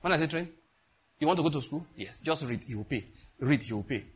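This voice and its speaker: Male pastor, emphatic husky sermon voice, slightly high pitched. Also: expressive, a little fast. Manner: emphatic preaching, repeats phrases, swings between loud and hushed.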